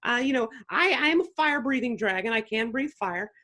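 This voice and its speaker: A man's voice: extremely high pitch, animated, brisk, pushed and bright, full character voice. A man voicing a cheerful, playful male dragon puppet, telling stories in a bubbly, giggly way as a guest. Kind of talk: puppet character interview.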